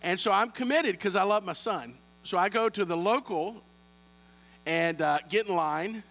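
A man's voice: sits high, normal speed, creaky, fairly bright tone, big-room sound. A man, preaching a sermon with humorous stories and playful asides to the congregation, on a handheld microphone. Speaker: pastor.

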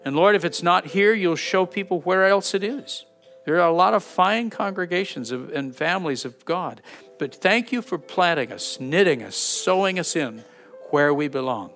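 A man's voice: sits high, expressive, a bit bright, soft background music. A man preaching a sermon as a pastor, earnest and fervent, who leads a closing prayer and blessing. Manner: earnest, fervent, slowing to read scripture aloud.

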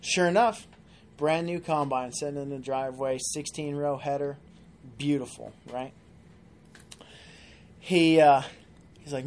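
A man as a podcast guest, telling a long joke in an animated, casual way. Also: on the high side, measured pace, long pauses, slight background noise. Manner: animated storyteller.

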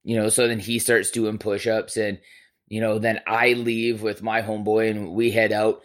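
A male podcast host telling a story in casual chat, animated and profane, swinging between loud bursts and quiet asides. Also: on the low side, normal speed.

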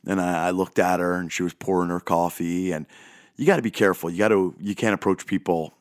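A man's voice: deep voice, fairly even intonation, brisk, no room sound, clean studio sound. A man hosting a podcast, talking in a rambling, self-deprecating, goofy way. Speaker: podcast host. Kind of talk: casual monologue.

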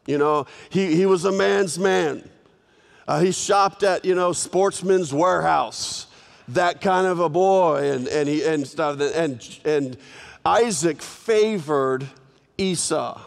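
Slightly high-voiced guy preaching, animated, echoey big hall. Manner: animated, repeats words for emphasis, acts out characters. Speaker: pastor. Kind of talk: sermon storytelling. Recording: reverberant hall.

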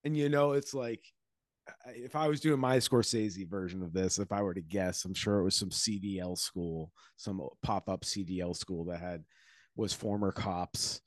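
A man in casual podcast chat, rambling and wry, often laughing and trailing off quietly. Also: sits low, steady tone, moderate pace, no room sound.

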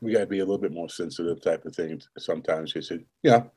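A man's voice: low voice, quick pace, dark tone, breathy edge. Blunt, swearing man in casual talk. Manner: blunt, swears, drops into quoted voices. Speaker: paramedic. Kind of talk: casual chat.

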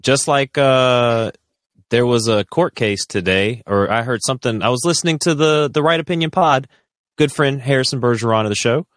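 A man co-hosting a podcast, talking in a casual, rambling, animated way with frequent restarts. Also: mid-range voice, moderate pace, no echo, studio quality. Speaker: podcast co-host.

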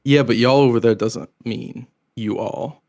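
A man's voice: mid-range voice, measured pace, vocal fry, a little mellow, no room sound, studio quality. A man co-hosting a gaming podcast, chatting in an easygoing, teasing way. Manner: easygoing, laughs often, teasing. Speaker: podcast co-host. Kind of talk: casual podcast chat.

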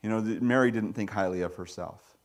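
A man giving a sermon as pastor, in a conversational preaching style with sudden high-pitched asides. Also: a little fast.

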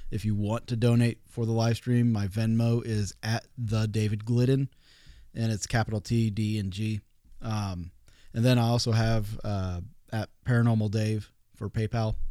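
A man's voice: lowish voice, warm tone, no room sound, clean studio sound. A man talking casually as a podcast guest, rambling with many fillers and restarts. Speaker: guest paranormal investigator.

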